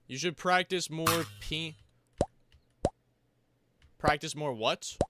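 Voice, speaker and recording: A young man streams a game and chats casually with viewers, rambling and joking in heavy slang. His voice is a little high and he speaks slowly, with loud background noise in the recording.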